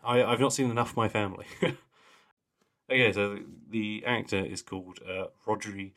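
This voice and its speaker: Chatty low-voiced young man. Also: steady tone, normal speed, fairly bright tone. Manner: chatty, laughing, trails off into mumbles. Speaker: podcast co-host. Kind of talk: casual chat.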